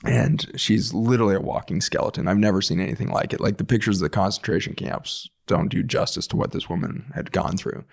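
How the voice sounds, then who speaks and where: A man, a doctor, telling an earnest, animated story in conversation and acting out the people in it. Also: on the low side, gravelly. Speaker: doctor guest.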